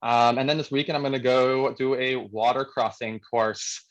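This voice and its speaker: A man's voice: mid-range voice, fairly even intonation, moderate pace, rough recording. A man, an upbeat guest in a casual interview chat who laughs easily.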